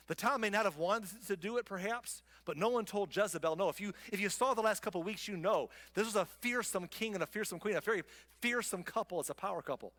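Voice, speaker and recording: A male pastor preaching a sermon in a relaxed, conversational and wry way, with asides to his listeners. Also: high-pitched, long reverb tail.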